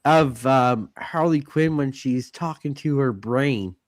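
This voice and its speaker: A man hosts a comics podcast in a relaxed, agreeable way, bringing others into the talk. His voice is mid-pitched, and the room is dry. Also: slow pace, dry recording. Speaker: podcast host. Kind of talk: casual chat.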